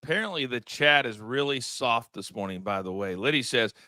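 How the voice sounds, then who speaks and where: A man hosting a live sports betting show, leading the panel with emphatic, energetic talk. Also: mid-range voice, moderate pace, hardly any pauses, dry recording. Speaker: host.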